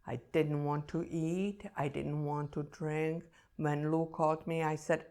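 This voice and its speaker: A woman's voice: deep voice, flat delivery, a little slow, few pauses, warm tone. A woman who teaches meditation, telling a personal story in an earnest, emotional and reflective way.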